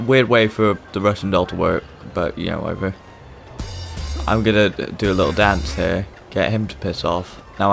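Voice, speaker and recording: A young man with a lowish, gravelly voice talks through his gameplay in a chatty, self-mocking way. Faint game music sits under his commentary. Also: fairly bright tone. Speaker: gaming channel host. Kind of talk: let's-play commentary.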